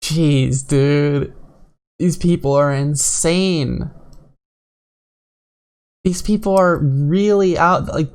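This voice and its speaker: Blunt, exasperated woman vlogger. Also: fairly low pitch. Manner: blunt, profane, exasperated, halting with fillers. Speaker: political commentary vlogger. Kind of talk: casual opinion commentary.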